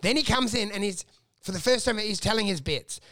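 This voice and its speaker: A man's voice: sits high, brisk, a bit bright, no echo, clean studio sound. A young man telling comedy stories on a casual podcast, swearing freely and acting out characters.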